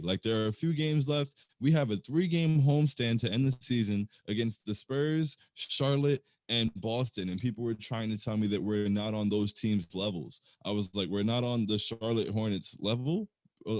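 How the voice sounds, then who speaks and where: A man co-hosting a sports podcast, ranting in an animated, exasperated way. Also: on the low side, dry recording. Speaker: podcast co-host. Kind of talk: casual sports chat.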